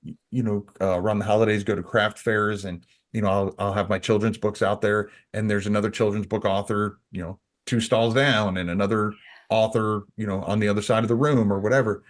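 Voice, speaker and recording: Low-voiced man rambling on a podcast. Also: fairly even intonation, brisk. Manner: rambling, many restarts and "you know". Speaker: podcast co-host. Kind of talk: casual podcast chat.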